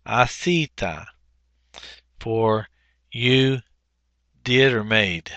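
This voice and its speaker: A man with a bright, clear voice walks through workbook exercises one by one, pausing on fillers and correcting himself as he goes. He is recorded close up on a dry mic with no room sound. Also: mid-range voice, no room sound, highs cut off. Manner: unhurried, explanatory, frequent fillers and self-corrections. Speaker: teacher. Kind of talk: workbook walkthrough lesson.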